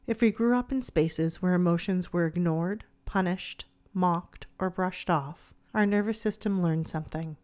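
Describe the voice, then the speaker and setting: A woman speaking in a soft, soothing, measured way, her voice sitting a little low. She narrates calmly, as the host of her own show. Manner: gentle, soothing, measured delivery. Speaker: podcast host. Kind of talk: calm scripted narration.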